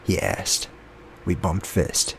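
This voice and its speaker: A man reading his own novel aloud in a soft-spoken ASMR style, slipping into whispers now and then. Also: slow pace. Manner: soft, low-key reading that slips into whispers. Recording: lo-fi with faint background noise.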